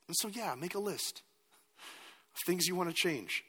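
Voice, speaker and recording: A man's voice: medium pitch, wildly swooping pitch, brisk, bright, forceful tone, slightly rough, big-room sound. A man preaching a sermon as a pastor, earnest and at times emphatic.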